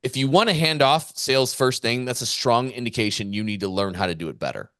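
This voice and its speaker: A man's voice: mid-range voice, brisk, a bit bright, smooth, no echo, studio quality. A man co-hosting a podcast as a business coach, talking in a fired-up, emphatic way and repeating his points for weight. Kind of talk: casual podcast chat.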